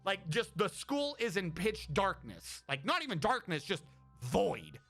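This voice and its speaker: High, bright-voiced rambling male streamer. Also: wildly swooping pitch, a little slow, gravelly, faint music behind. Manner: rambling and profane, with many restarts. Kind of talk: casual chat.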